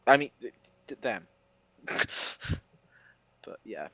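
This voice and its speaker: A man's voice: medium pitch, very animated, drawn-out words, creaky, sharp tone, breathy edge. A young man co-hosting a casual podcast chat, rambling and laughing often as he blurts out whatever comes to mind. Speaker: podcast co-host.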